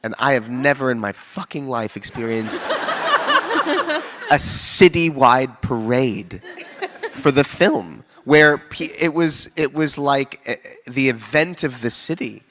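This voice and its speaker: A man on a convention panel, animated and casually swearing while recounting stories. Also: mid-range voice, takes it slowly, in a large hall, background noise. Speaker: actor on a panel.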